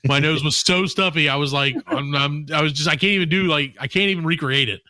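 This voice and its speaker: A man's voice: a little high, fast, sharp tone, no echo. A man co-hosting a comedy podcast in casual chat, joking and slipping into silly put-on voices. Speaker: podcast co-host.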